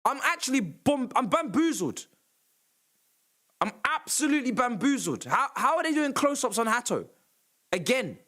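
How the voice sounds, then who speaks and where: A man hosting a live football reaction stream, sarcastic and exasperated, swearing and shouting at the referee's calls. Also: extremely high pitch, sing-song, normal speed. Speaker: livestream host reacting to a football match.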